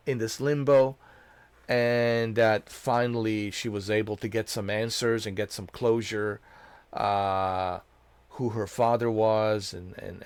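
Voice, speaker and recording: A man with a fairly low voice talks through a game's ending in loose, heartfelt commentary. He circles back on his words, drops slang like dude, and sounds close and dry, with no room echo. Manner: emotional, repetitive, slangy with "dude". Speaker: gaming video creator. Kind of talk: casual story commentary.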